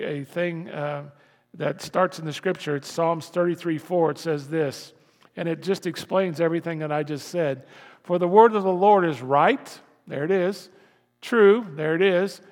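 Gravelly older male pastor preaching. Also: on the high side, big-room sound. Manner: conversational, folksy, with asides to the congregation. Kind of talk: sermon.

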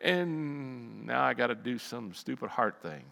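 A middle-aged male pastor preaching a sermon, telling a personal story with animated swings between loud outbursts and quiet asides. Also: mid-range voice, unhurried, vocal fry, in a large hall.

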